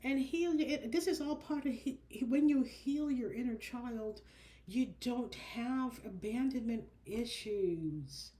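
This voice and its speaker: A woman doing a casual spiritual card reading who talks in an animated, chatty way and calls her listeners baby and honey. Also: fairly high pitch, takes it slowly. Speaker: oracle card reader.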